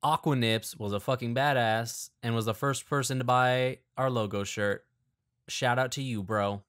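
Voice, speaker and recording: A man's voice: mid-range voice, steady tone, normal speed, a bit bright. Laid-back man hosting a podcast. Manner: laid-back, laughing, plugs the show. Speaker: podcast host. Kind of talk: casual podcast banter.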